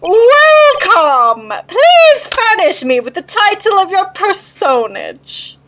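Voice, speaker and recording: A woman's voice: extremely high pitch, very animated, slow pace, fairly bright tone, voice pushed up, full character voice. A woman voicing a pompous, arrogant male company chief who shows off with grandiose invented words, reading along with a game.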